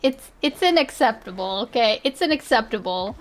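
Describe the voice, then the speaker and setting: A woman's voice: on the high side, lively intonation, moderate pace. A woman streamer chatting casually and reacting to clips, giggling and rambling as she restarts her sentences.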